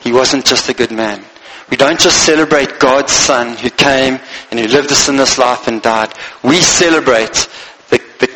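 A man's voice: medium pitch, normal speed, pushed and bright, slight background noise, poor audio. A man preaching a Christmas sermon as pastor, speaking earnestly in short phrases and reading scripture aloud.

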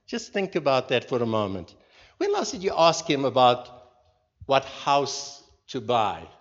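A man leading a church group, giving an informal sermon in a slow, earnest way and putting questions to the listeners. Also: medium pitch. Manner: slow, earnest, pauses between phrases. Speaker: leader of a church group meeting. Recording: dull recording with long hall reverb.

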